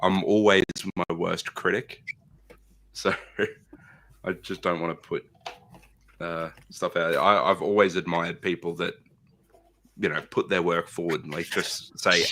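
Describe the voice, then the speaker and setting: Very deep bright-toned hesitant man. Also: fairly even intonation, unhurried, pauses often, slight background noise. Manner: hesitant, self-deprecating, many restarts. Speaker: guest model painter. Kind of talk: casual chat.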